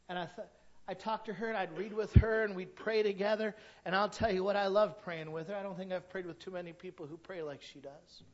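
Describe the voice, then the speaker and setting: A man's voice: fairly high pitch, lo-fi sound. A man preaching a sermon, telling stories in a folksy, colloquial way full of asides. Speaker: pastor.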